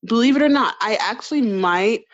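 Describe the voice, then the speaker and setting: A woman's voice: a little high, animated, fairly quick, lo-fi sound. A woman co-hosting a casual TV recap chat, emphatic and opinionated, repeating her points. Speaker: podcast co-host.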